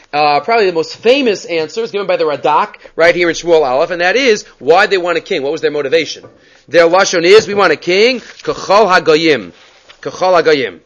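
Animated high-voiced man teaching Torah. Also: highs cut off. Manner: animated, mixes Hebrew quotes into English, rhetorical questions. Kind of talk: Torah class lecture.

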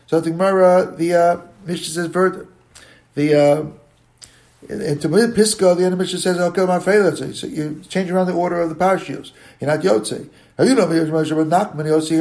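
A man teaching a daily Talmud class. He talks in a halting way, circles back to rephrase, and slowly sounds out words to show how they should be pronounced. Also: sits high, gravelly, darkish tone.

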